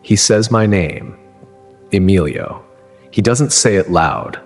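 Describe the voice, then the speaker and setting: Low husky man telling his story. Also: animated, darkish tone. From Texas. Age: 30s. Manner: halting, earnest, with trailing restarts. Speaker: narrator. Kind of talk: first-person storytelling. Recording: long reverb with music underneath.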